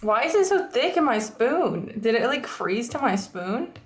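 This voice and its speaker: A woman livestreaming from home, chatting casually with viewers in a rambling way, her voice slightly hoarse. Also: on the high side, sing-song, unhurried, roomy sound. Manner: rambling, chatty, frequent likes and ums.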